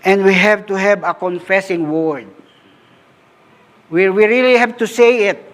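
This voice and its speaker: Slow, high-voiced Filipino preacher. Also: male voice, a bit bright. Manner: unhurried, repeats words as he speaks, switches into Tagalog; sings short worship lines while preaching. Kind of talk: sermon.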